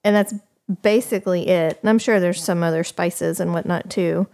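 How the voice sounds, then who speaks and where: A woman in a casual podcast chat, explaining something in a relaxed, unhurried way. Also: lowish voice, vocal fry, clear, resonant tone.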